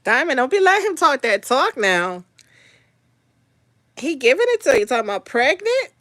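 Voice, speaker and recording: A woman's voice: fairly high pitch, very animated, moderate pace, a bit bright, dry recording. A woman hosting a casual live stream, teasing commenters, laughing often and apologizing for eating.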